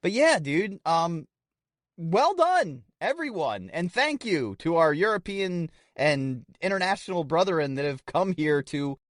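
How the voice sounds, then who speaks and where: A man co-hosting a podcast in earnest casual chat, often breaking into laughter. His voice sits a little high for a man. It is recorded dry and close to the mic. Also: sing-song, measured pace, dry recording. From United States. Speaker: podcast co-host.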